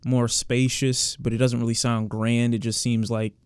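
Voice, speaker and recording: A man's voice: medium pitch, flat delivery, moderate pace, clear, resonant tone, dry recording, studio quality. A man giving casual reaction commentary as a music reviewer, candid and sometimes sarcastic toward the song.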